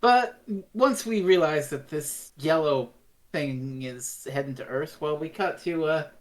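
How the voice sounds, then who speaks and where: A woman co-hosting a casual review podcast, retelling scenes in an animated way and swearing freely. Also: sits low, measured pace. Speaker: podcast co-host.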